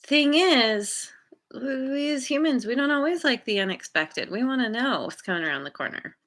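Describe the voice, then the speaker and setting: A woman giving an intuitive tarot reading to her viewers, gentle and encouraging, often pausing to search for words. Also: sits high, expressive. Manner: encouraging, spiritual. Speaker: tarot card reader.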